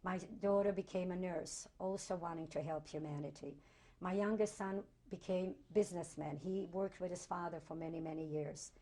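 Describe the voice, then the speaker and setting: Older woman in her sixties, Holocaust survivor, reflective and tender, repeats words for emphasis, warm and mellow tone. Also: fairly low pitch, fairly even intonation, moderate pace. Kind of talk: oral history interview.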